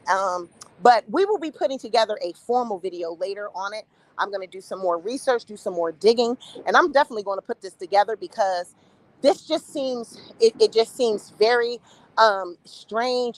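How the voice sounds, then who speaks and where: A woman's voice: a little high, a bit bright, no echo, poor audio. A woman hosting her channel, giving blunt, casual commentary with mocking asides and frequent laughter. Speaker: channel host. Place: in a car, traveling.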